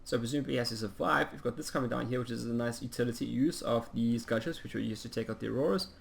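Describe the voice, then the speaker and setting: A man with a gravelly voice gives casual, rambling play-by-play commentary on a strategy game. He talks in a chatty, easygoing way, full of ums and uhs, and now and then pokes fun at himself. A faint hiss sits under the voice. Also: medium pitch, fast talker. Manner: self-mocking humor. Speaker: game caster.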